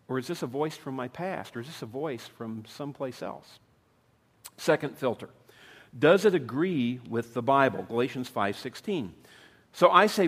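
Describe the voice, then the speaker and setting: Fifty-something male pastor, chatty sermon, slightly high voice, long hall echo. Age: 50s. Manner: conversational preaching with rhetorical questions.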